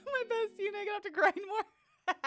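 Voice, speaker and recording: A woman's voice: very high-pitched, animated, takes it slowly, bright, forceful tone, dry recording, soft background music. A woman streamer chatting casually with her live viewers, candid and chatty, laughing often. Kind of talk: casual chat with live viewers while gaming.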